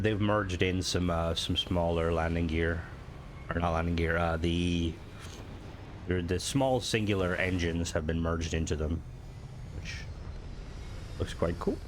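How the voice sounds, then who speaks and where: A gaming video host with a low-pitched voice, stuffy and nasal from hay fever, thinks aloud while commenting casually on a game. He speaks unhurriedly with fairly even intonation, pausing often and rambling through restarts. There's slight background noise.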